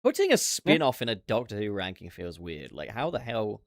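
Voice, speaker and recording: A man hosting a casual livestream chat, swearing freely and throwing in quick asides. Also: lowish voice, very animated, no echo, clean studio sound. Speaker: podcast host.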